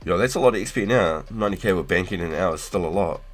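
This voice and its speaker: A low-pitched man chats casually with his stream viewers, his talk loose, slangy and peppered with swearing. His voice sits deep. Soft music plays quietly behind him. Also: rapid-fire. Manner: relaxed, slangy, swears and laughs often. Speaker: livestream host. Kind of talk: casual livestream chat.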